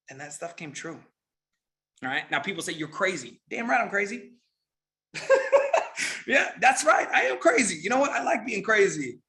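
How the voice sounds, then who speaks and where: A middle-aged man giving a motivational network marketing training, energetic and repetitive, often checking in with "right?". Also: sits high, normal speed, pauses often.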